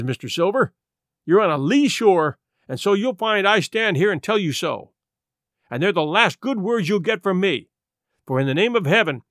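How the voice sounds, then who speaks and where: A man's voice: high voice, fairly bright tone, dry recording, studio quality. A man doing a stern, defiant sea captain. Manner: clipped, commanding ultimatums.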